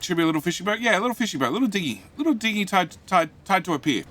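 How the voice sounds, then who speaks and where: A man's voice: sits high, sing-song, very fast, a bit bright, slight background noise. A man with an Australian accent chatting casually on a game live stream, rambling, repeating himself and muttering to himself while he plays and answers chat.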